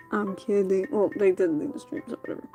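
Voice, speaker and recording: Slow-reading woman streamer. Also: medium pitch, a little mellow, husky. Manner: narrates with asides and giggles. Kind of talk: reading a game's text aloud.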